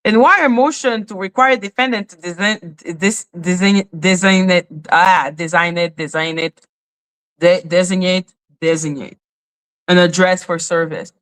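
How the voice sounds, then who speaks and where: A woman's voice: on the low side, normal speed, few pauses, a bit bright. A woman hosting a commentary channel, ranting in exasperated, profane rhetorical questions, with a slightly non-native accent. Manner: says she speaks with a non-native accent. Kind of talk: ranting commentary on a court case.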